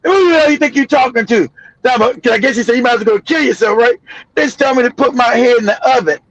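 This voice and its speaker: A man in his fifties from the United States, telling profane family stories on his stream with loud cackling laughs. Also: extremely high pitch, quick pace, dry recording. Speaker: streamer host. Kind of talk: profane casual storytelling. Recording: dull lo-fi dry stream audio.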